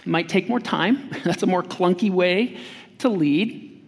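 Man, pastor, high voice, conversational sermon, playful acted-out quotes, large hall with long reverb. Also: measured pace, gravelly, slightly rough. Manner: conversational and humorous, acts out quotes.

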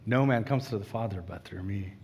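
A man voicing Jesus as a calm, solemn male teacher, speaking low and hushed. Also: fairly quick, in a large hall, background noise, close to an everyday voice.

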